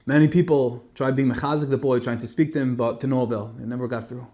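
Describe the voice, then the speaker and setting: A man delivers a Torah talk as a dramatic story. His delivery swings between forceful emphasis and quiet, hushed passages. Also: mid-range voice, fairly even intonation, fast. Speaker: speaker giving a Torah talk. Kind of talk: emotional storytelling sermon.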